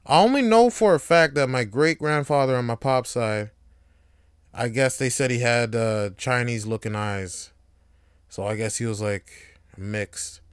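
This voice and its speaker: A man's voice: medium pitch, a little slow, clear, resonant tone, no echo. A man hosting a casual solo podcast monologue, joking, swearing and laughing often. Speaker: podcast host.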